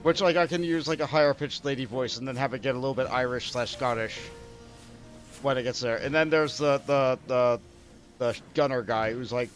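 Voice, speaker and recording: A man's voice: mid-range voice, steady tone, a little fast, faint music behind. A man streaming a game, chatting casually and laughing often in a self-mocking way as he plays. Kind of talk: casual gameplay commentary.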